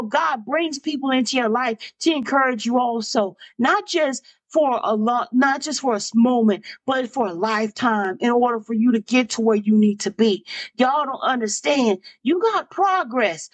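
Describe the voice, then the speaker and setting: A woman preaches in a high, bright voice. She keeps repeating phrases for emphasis and asks the listeners over and over whether they understand. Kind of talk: sermon.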